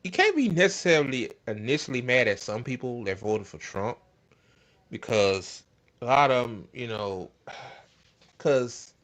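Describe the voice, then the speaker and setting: A man's voice: medium pitch, big pitch swings, measured pace, a bit bright. A man hosting a casual political commentary stream, ranting in a profane, exasperated way. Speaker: host.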